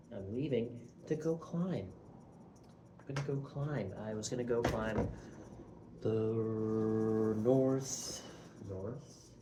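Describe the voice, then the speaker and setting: A very tired young man rambles through a casual vlog, swearing freely and poking fun at himself. His voice sits a little low, and there is clear room noise under it. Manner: tired, self-mocking and profane, with many restarts. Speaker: vlogger.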